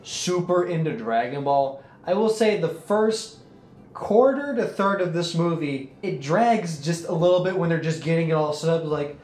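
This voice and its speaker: A man's voice: a little high, moderate pace, a little mellow. Rambling man in an echoey room. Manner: rambling storyteller, swears casually. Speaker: co-reviewer. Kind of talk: casual movie review chat. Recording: roomy with faint noise.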